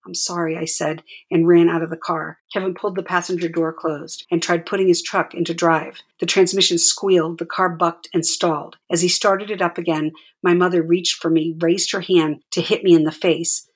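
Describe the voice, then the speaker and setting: Woman reading her memoir, low voice, kinda breathy, calm and steady. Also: normal speed, few pauses. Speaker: memoir author narrator.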